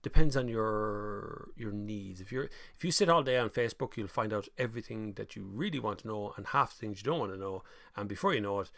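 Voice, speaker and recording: A man's voice: lowish voice, a little fast, creaky, a bit bright, no room sound. A man with an Irish accent hosting a live stream, chatting casually and reading out viewer comments, with mocking voices when he quotes people.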